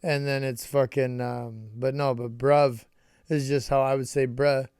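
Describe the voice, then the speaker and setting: A man's voice: mid-range voice, level tone, moderate pace, darkish tone, smooth, dry recording, clean studio sound. A young man chatting on a podcast, laid-back and full of slang and swearing. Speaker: podcast co-host. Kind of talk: casual chat.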